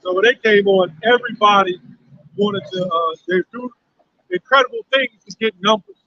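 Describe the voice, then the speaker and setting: A man's voice: high-pitched, moderate pace, sharp tone, no echo. A man in a casual group conversation, explaining his point emphatically. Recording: dull lo-fi audio.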